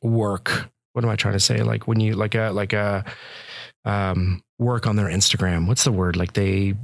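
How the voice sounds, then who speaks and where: A man's voice: lowish voice, fairly even intonation, moderate pace, gravelly, no echo. A man from rural Ontario, a chef chatting casually as a podcast guest, rambling with lots of fillers. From rural Ontario, Canada.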